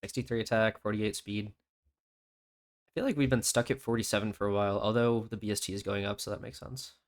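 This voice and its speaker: Male host, low voice, relaxed gamer chat, reads rules aloud. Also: fairly quick. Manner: reads out game stats and skill text in a laid-back way. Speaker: channel host. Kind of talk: casual game reaction chat.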